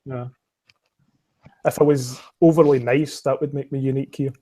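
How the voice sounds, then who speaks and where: A man's voice: mid-range voice, flat delivery, normal speed, warm tone. A man from Scotland with a West of Scotland accent, hosting a casual podcast chat, swearing and laughing often. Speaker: podcast host.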